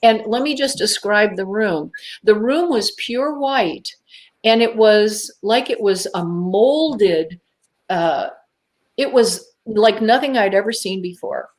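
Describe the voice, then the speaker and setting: Woman, talk-show guest; vivid, emphatic storyteller; dramatic pauses, acts out her inner voices. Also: mid-range voice.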